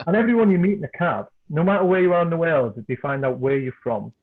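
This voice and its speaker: A middle-aged man from Liverpool with a Scouse accent, a podcast guest and author telling animated anecdotes in casual chat. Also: a little high, fast talker. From Liverpool, England. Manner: animated anecdotes, repeats words when excited. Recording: tinny phone-like call line.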